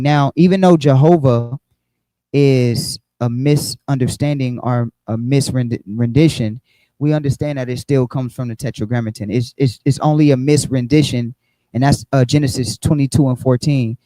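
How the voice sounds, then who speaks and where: A man leads an online Bible study from a computer mic. His voice is dark and mellow, recorded dry and close, and he explains in a loose, repetitive way, often restarting his words. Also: medium pitch, moderate pace, dry recording, poor audio. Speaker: Bible teacher.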